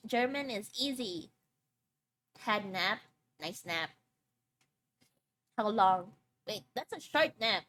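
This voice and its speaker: Young female streamer, higher voice, giggly rambling live-stream chat. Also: a bit bright. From Philippines. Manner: chatty and giggly, rambling with frequent restarts.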